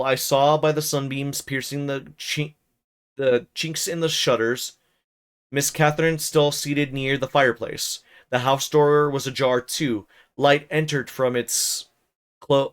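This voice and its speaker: A man reading a novel aloud on a livestream, pausing for casual, chatty asides to his viewers. His voice sits at a middle pitch with a smooth, clear tone. The narration is steady, and his chat comments are loose and offhand.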